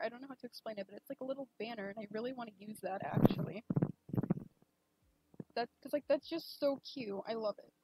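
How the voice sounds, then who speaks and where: Young woman streamer, bubbly and gushing, high breathy voice, casual chat. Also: lo-fi sound. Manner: giggly, gushing, lots of "like" and "literally". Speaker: game streamer.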